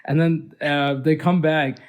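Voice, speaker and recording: A man's voice: on the high side, fairly even intonation, unhurried. A man guest on a casual podcast who tells rambling, self-deprecating stories. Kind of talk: casual chat.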